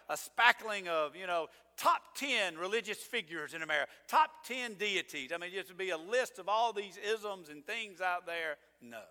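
High bright pastor guy preaching, chatty and emphatic, big church reverb. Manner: conversational, emphatic preaching with sarcastic asides. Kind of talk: sermon. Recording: long reverb of a church hall.

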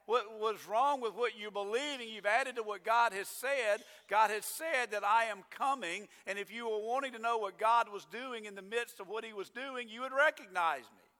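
Emphatic high-voiced male pastor preaching. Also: normal speed, few pauses. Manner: emphatic preaching, rising to loud declarations then dropping low. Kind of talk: sermon. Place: church sanctuary. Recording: long church hall reverb.

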